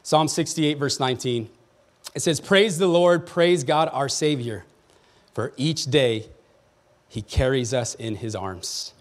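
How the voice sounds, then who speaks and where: A man's voice: mid-range voice, slow pace. A male pastor preaching a sermon in church, reading scripture and calling out to the congregation with rising emphasis. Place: church sanctuary.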